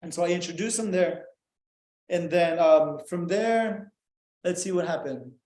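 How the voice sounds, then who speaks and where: Animated, profane young man in an echoey room. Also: high voice, a little slow. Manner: animated, profane, acts out dialogue. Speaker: podcast guest. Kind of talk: casual storytelling chat.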